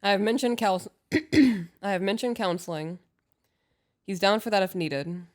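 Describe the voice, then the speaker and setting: A woman co-hosting an advice podcast, calm and agreeable, reading listener emails aloud. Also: medium pitch, unhurried. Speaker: podcast co-host. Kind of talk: casual advice chat.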